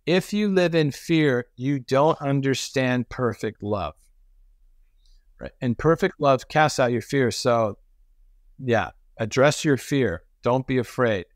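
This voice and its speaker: A middle-aged man telling stories as a podcast guest, animated and acting out the voices of people he quotes. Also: medium pitch, no echo, studio quality. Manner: frequent restarts and repetitions. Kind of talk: conversational storytelling.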